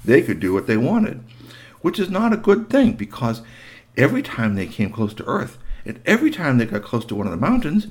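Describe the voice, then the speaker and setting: A man's voice: medium pitch, wildly swooping pitch, brisk. A man telling a myth to children with chatty asides. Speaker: storyteller. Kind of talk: animated storytelling for children.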